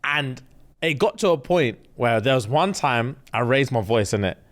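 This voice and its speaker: A young man co-hosting a podcast, telling animated stories with lots of swearing in casual chat. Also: mid-range voice, normal speed. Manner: animated storytelling, swears often. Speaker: podcast co-host.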